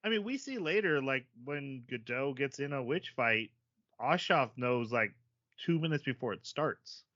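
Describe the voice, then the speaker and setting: Bright-voiced man chatting about anime. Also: medium pitch, measured pace, no room sound, dull audio. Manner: animated, self-deprecating, laughs often. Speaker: podcast co-host. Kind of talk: casual chat.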